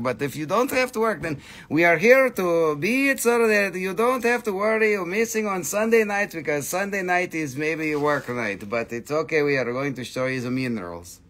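Man, live sales host, somewhat high voice, very animated pitch, excitable, loose non-native phrasing. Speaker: livestream crystal seller. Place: family crystal shop.

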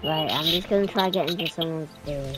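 A woman's voice: deep voice, brisk. A woman chatting casually and rambling as she records her gameplay, easily amused. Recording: loud game music behind.

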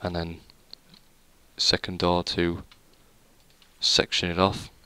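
Young man, low smooth voice, dry close mic, rambling game tour with lots of ums. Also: monotone, slow, bright, forceful tone, dry recording. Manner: rambling, self-deprecating, hesitant with many fillers. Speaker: gaming YouTuber. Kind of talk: casual let's play commentary.

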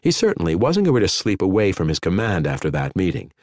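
A man narrating an audiobook in an expressive storytelling manner. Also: deep voice, fairly quick, dry recording, studio quality. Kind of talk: scripted narration.

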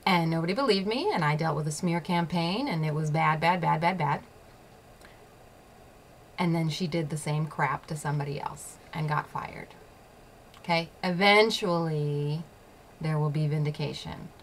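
A woman's voice: deep voice, normal speed, slight background noise. A woman hosting her own show, telling a personal story in a blunt, profane way and laughing often. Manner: repeats phrases for emphasis. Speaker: show host.

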